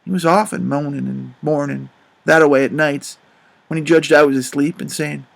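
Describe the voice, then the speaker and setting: A man narrating an audiobook of a classic novel in a soft, measured storytelling manner. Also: on the high side, steady tone, gravelly.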